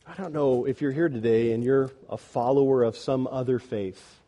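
A male pastor preaching a sermon, swinging between loud, emphatic declarations and quiet, pleading passages. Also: medium pitch, normal speed, muffled recording.

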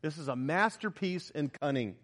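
A man delivering a sermon in an animated, emphatic way. His voice sits a little high for a man, and he keeps pressing the listeners with rhetorical questions. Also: moderate pace. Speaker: pastor.

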